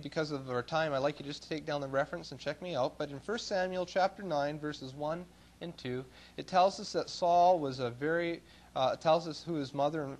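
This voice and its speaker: A middle-aged man from Canada preaching a sermon in a church, telling folksy stories and swinging between loud emphasis and low asides.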